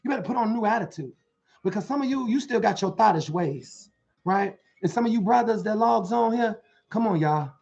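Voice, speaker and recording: A man's voice: sits high, lively intonation, a little fast, gravelly, darkish tone, dull audio. A man preaching motivation to an online audience, speaking in rhythmic, rhyming phrases and often checking in with his listeners. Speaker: motivational preacher and life coach.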